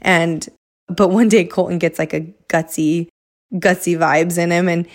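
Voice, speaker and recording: A woman's voice: lowish voice, steady tone, unhurried. A young woman telling a personal story in a casual, chatty way, full of fillers and acted-out quotes. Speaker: vlogger.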